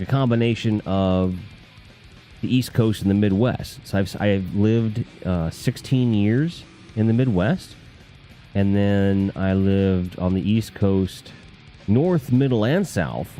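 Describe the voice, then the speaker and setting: Lively low-voiced man on a live stream. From Northeast US. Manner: rambling, profane, jokey, with mock voices. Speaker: live stream host reading chat comments. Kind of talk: casual live stream chat.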